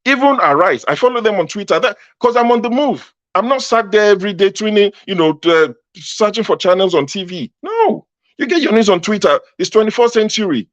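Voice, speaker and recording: A man's voice: high voice, very animated, fairly quick, dry recording, lo-fi sound. Combative Nigerian man in heated debate. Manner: combative, mocking, repeats words when cutting in. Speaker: panel debater. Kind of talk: heated political argument.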